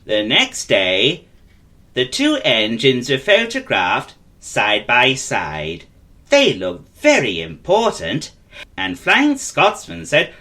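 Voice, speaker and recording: Male narrator doing a classic storyteller impression; gentle, slow and sing-song. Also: medium pitch, wildly swooping pitch.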